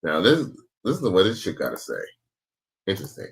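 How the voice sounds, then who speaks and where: A man's voice: sits low, wildly swooping pitch, fairly quick, creaky. A man hosting a reaction video, talking in a laid-back, slangy way. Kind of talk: casual reaction commentary.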